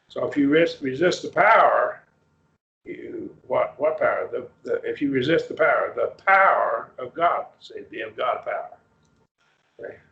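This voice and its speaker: Man teaching a Bible class, gravelly. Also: mid-range voice, fairly bright tone. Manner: explains slowly, quizzing students, many restarts. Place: church classroom. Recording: roomy, muffled class recording.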